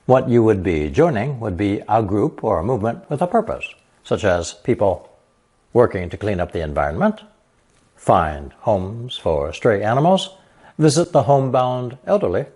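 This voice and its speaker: A man narrating a scripted language lesson, explaining characters slowly and reading example sentences. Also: fairly low pitch, big pitch swings, darkish tone, husky. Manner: slow, measured explanations with example sentences read aloud. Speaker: language teacher.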